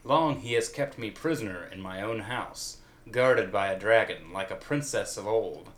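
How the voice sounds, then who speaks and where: A man voicing a coy, sighing, secretive man with a theatrical, hushed way of speaking. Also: on the low side, lively intonation, moderate pace.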